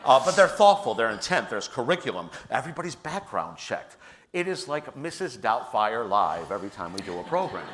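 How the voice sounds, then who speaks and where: A man's voice: mid-range voice, sing-song, a little fast, fairly bright tone, a little hiss or hum. A middle-aged man on a panel, telling an earnest personal story with some restarts. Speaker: panelist, theater leader. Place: stage at a public forum.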